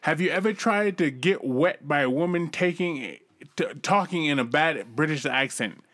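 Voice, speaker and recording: This young man talks with a slightly higher voice than most men, crude and mocking. He reads listener messages aloud, swearing freely and laughing at his own jabs in loose podcast banter. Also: lively intonation, normal speed, fairly bright tone. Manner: profane, mocking, laughs while reading.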